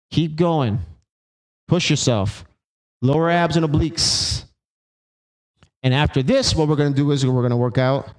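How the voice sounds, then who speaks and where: A man's voice: fairly high pitch, rough recording. Upbeat man coaching an ab workout. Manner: encouraging, counts and cues reps aloud. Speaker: fitness instructor. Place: small home workout studio.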